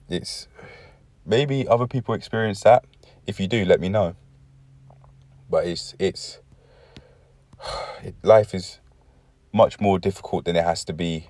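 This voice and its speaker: Young male vlogger, deep voice, dry-throated, rambling and reflective; dry, close recording. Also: measured pace, pauses often, dark tone, dry recording. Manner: rambling, reflective, frequent self-corrections. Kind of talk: casual personal vlog monologue.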